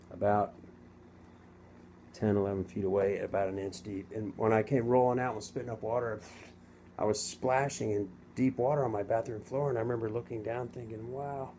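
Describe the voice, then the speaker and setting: A middle-aged man casually telling his own story to camera, rambling and halting with many restarts. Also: fairly low pitch, dark tone, slight background noise. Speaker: vlogger telling his near-death story.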